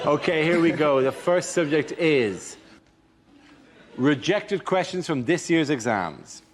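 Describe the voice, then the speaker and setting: A man's voice: fairly high pitch, expressive. Man hosting a comedy panel show. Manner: brisk, introducing rounds and players. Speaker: quiz show host. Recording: faint studio audience noise.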